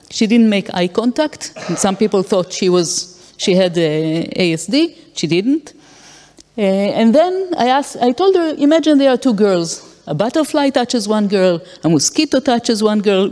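A woman's voice: mid-range voice, animated, normal speed, darkish tone. A woman giving an academic lecture, explaining with acted-out examples and frequent fillers. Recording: long hall reverb.

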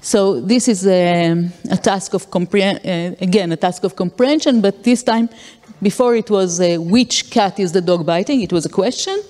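A woman's voice: medium pitch, moderate pace, darkish tone. Woman lecturing in a reverberant hall. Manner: explains with acted-out examples and frequent fillers. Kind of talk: academic lecture.

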